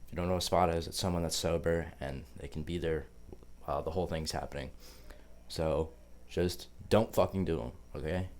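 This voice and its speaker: A man's voice: rumbling low, steady tone, fairly quick, a little mellow. A young man telling a story to camera in a rambling, casual way, full of swearing and filler words. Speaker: vlogger.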